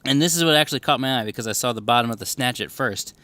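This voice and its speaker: A man's voice: medium pitch, racing, pushed and bright, no room sound. A young man co-hosting a casual podcast recorded in a record store, laid-back, swearing freely and often laughing. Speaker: podcast co-host. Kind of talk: casual chat.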